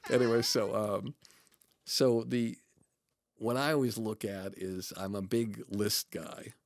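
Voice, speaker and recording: Low, dry-voiced man telling stories. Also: no room sound. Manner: earnest, reflective, halting with restarts. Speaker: comedy producer and manager, podcast guest. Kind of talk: storytelling in a podcast interview.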